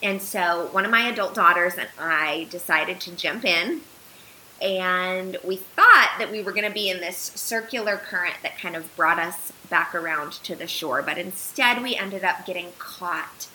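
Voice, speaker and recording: A woman's voice: fairly low pitch, measured pace, bright, forceful tone, a little hiss or hum, poor audio. A woman in her thirties, a podcast guest, telling a personal story earnestly and with animation, using many filler words.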